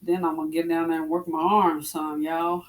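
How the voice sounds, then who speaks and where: A fitness vlogger in her forties chats casually with her viewers during a workout, calling them "y'all" and letting out breathy exclamations between exercises as she gets a little winded. Her voice is low-pitched with a level tone and a moderate pace, and there's slight background noise.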